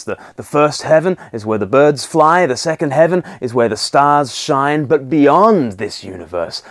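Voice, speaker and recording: A man giving an earnest devotional sermon, often dropping to a soft hush when he quotes a prayer. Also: medium pitch, dry recording, studio quality. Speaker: preacher.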